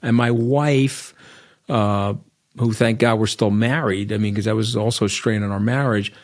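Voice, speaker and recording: A man's voice: on the low side, fairly even intonation, normal speed. A middle-aged man from Long Island, telling stories bluntly and animatedly as an interview guest, often tagging his lines with "okay?". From Long Island, New York. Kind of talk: candid storytelling interview.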